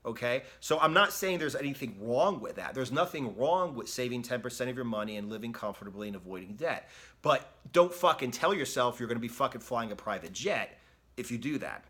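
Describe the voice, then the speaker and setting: A man of middle pitch delivers a blunt fitness rant straight to camera. He swears freely, mocks excuses in quick quoted asides, and drives each point home with a pushy "okay?". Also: lively intonation, fairly bright tone. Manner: blunt and profane, repeats "okay?". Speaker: fitness coach. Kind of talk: direct-to-camera motivational rant.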